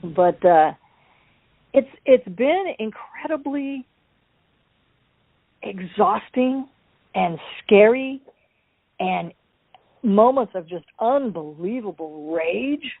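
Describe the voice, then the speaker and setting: A woman guest in an interview, telling her personal story in an animated, wry way and acting out the voices of people in it. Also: medium pitch, slow, long pauses, no room sound. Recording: dry, tinny phone-line sound.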